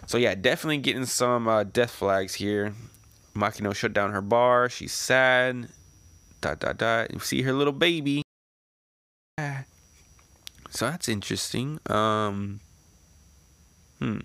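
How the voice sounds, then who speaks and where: A chatty man reading through a comic page by page. He mixes reading with loose speculation and plenty of fillers. The sound is close and dry, with a mid-range pitch. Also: measured pace, long pauses, sharp tone, no room sound. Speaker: comic reader and reactor. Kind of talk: casual read-through with commentary.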